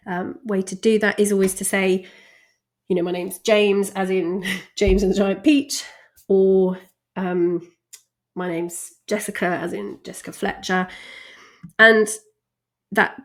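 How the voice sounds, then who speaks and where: A woman teaching a communication lesson, chatty and quick to laugh, stressing key words. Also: medium pitch. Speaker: communication coach. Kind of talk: recorded lesson.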